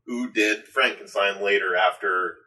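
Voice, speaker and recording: A man's voice: on the low side, measured pace, pushed and bright. A man in casual chat, telling a story wryly with clipped punchlines. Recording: voice from a distance from the mic.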